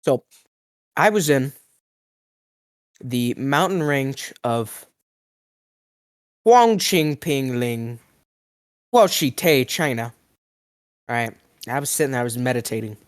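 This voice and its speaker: A man's voice: medium pitch, animated, slow, pauses often. Rambling young man with cracking voice. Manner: rambling, mock-outraged, swings between mumbling and yelling. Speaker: food review vlogger. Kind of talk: absurd comedic storytelling.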